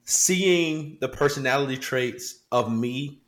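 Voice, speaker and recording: A man's voice: mid-range voice, slow pace, a bit bright. A man co-hosting a podcast, chatting casually and acting out his kids and himself with laughter. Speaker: podcast co-host. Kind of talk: casual chat.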